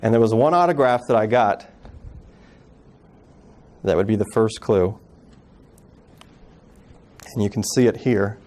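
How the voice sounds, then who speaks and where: A man in his thirties giving an earnest personal storytelling talk as a guest speaker, acting out family members' words softly. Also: lowish voice, a little slow, pauses often. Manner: earnest, acts out quoted family voices softly.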